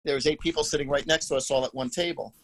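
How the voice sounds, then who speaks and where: A man's voice: on the high side, fairly even intonation, racing, fairly bright tone, low-quality recording. A man guest telling a rambling story in casual chat, with many fillers and restarts. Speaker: podcast guest, psychic.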